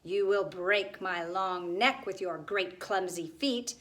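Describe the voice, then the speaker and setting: A woman voicing a long-necked male gargoyle who shouts threats. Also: medium pitch, slow. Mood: threatening.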